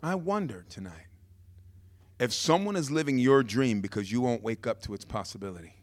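A male pastor tells a story during his sermon, shifting from hushed reflection to loud, shouting excitement. His voice is medium in pitch and moderate in pace, with no echo.

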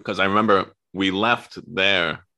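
Podcast co-host, male, deep but bright, easygoing recap of events. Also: steady tone, unhurried. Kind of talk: casual storytelling chat.

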